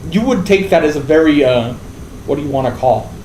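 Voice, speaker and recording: Telling a story on his game stream, this American man swears constantly and speaks bluntly. His voice sits on the high side with lively intonation, a little fast and mellow, captured in a roomy space with faint noise behind it.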